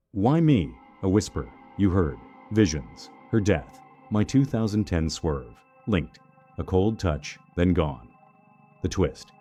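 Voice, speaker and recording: Male horror narrator, very deep and mellow, dramatic scripted delivery. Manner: dramatic first-person storytelling.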